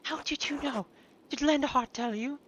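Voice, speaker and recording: A man's voice: very high-pitched, normal speed, background noise, voice pushed up. A man voicing a scandalized noblewoman caught in an affair, speaking in indignant, wounded protests. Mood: shocked.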